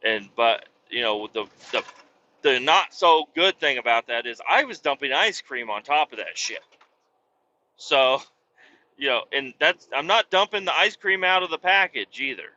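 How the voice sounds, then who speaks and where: A man's voice: medium pitch, animated, normal speed, bright, forceful tone, dry recording, lo-fi sound. A man talking in a casual, rambling monologue as a podcast host, cursing freely and restarting his sentences often. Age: adult with young children. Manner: rambling, profane, with many restarts. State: hiccuping.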